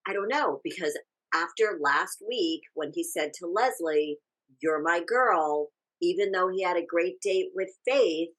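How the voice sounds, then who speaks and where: A woman's voice: lowish voice, expressive, unhurried, a bit bright, low-quality recording. A woman co-hosting a casual podcast chat, talking through a TV episode in an opinionated way, often trailing off and restarting. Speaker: podcast co-host. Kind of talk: casual chat recapping a TV show.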